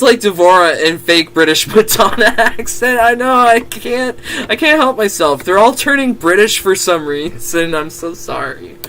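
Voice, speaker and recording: A man's voice: fairly high pitch, bright, forceful tone, a little hiss or hum. A giggly man who laughs often, reading fan fiction aloud with casual comedic comments.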